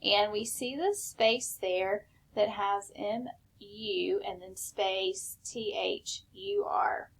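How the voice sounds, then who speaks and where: A woman teacher giving a recorded spelling lesson, slow and patient, step by step. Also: medium pitch, very animated, gravelly.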